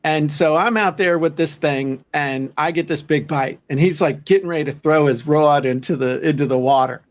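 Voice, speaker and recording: A man co-hosting a casual talk show, telling stories in an animated, folksy way. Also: fairly high pitch, normal speed. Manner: animated storyteller, folksy asides. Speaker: podcast co-host. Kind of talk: casual chat.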